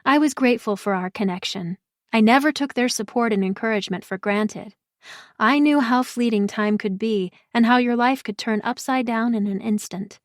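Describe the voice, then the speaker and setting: A woman narrating a first-person audiobook in a warm, conversational storytelling manner. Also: on the high side, moderate pace, no echo, clean studio sound.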